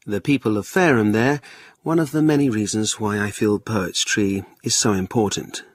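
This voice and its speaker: A man playing a pompous poet presents his own poetry show. His voice is low and husky, with dry, close sound. He speaks with earnest self-importance throughout. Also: moderate pace, no echo. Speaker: host of a poetry programme. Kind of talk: comic scripted presentation and poetry reading.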